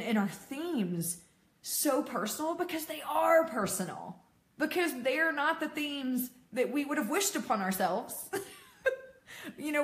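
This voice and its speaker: A woman in her thirties giving a candid personal talk to an audience, laughing often and making self-deprecating asides. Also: high-pitched. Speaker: peer support speaker. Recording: echoey room.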